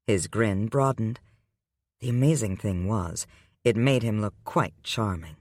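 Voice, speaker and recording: A man giving the scripted, unhurried narration of a romance audiobook. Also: on the low side, a little mellow, no room sound, studio quality.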